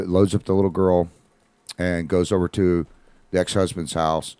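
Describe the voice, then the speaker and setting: A man's voice: sits low, darkish tone, no echo. A man hosting a live radio show, telling a story in a folksy, conversational way and acting out the quoted voices. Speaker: radio host. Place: studio.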